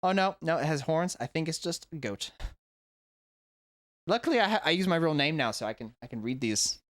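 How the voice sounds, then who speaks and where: Animated man rambling in a reaction vlog. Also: a little high, fairly quick, no room sound, studio quality. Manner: animated, rambling, self-correcting. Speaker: English teacher reacting to a video. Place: indoors at home.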